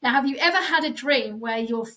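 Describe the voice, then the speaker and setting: Animated woman medium, slightly off-mic. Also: high voice, a little fast, far from the mic, poor audio. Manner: animated, acts out quoted voices, many fillers. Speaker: guest, psychic medium. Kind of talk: casual storytelling in a podcast chat.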